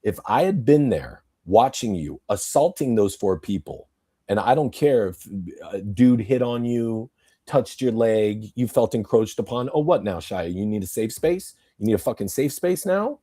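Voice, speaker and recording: A man's voice: lowish voice, lively intonation, moderate pace, mellow, husky. A man hosting a podcast, ranting angrily and profanely in an emphatic monologue. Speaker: podcast host.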